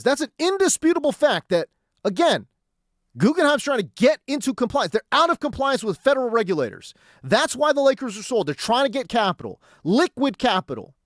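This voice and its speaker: A man's voice: very high voice, no room sound, studio quality. A man hosting sports talk radio, ranting in a heated, exasperated way and hammering his points with repetition.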